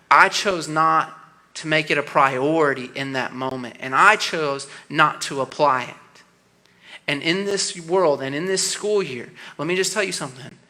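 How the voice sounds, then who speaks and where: A man in his thirties preaching a youth sermon, telling a story with animated energy and then dropping into soft, earnest appeals. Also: on the high side. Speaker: youth pastor.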